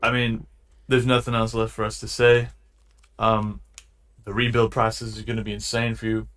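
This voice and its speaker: A man's voice: lowish voice, monotone, moderate pace, fairly bright tone. A man interviewing someone online in blunt, casual, slangy talk.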